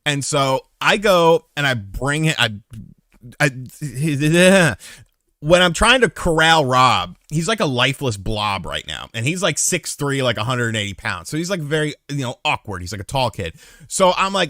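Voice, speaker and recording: A young male host telling a long personal story in casual chat, animated and swearing freely. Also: medium pitch, moderate pace, no echo, studio quality.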